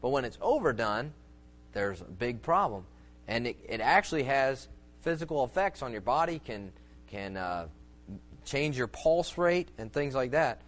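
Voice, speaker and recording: Very animated yet a little slow, this man's mid-range voice carries an informal sermon about church music. As a preacher, he rambles folksily with many fillers and restarts, relying on down-home illustrations.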